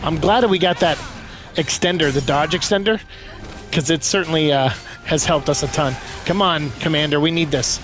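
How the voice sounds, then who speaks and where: A young man doing let's-play commentary, excitable and joking, trash-talking the enemies. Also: fairly high pitch, moderate pace. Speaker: gaming commentator. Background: game music.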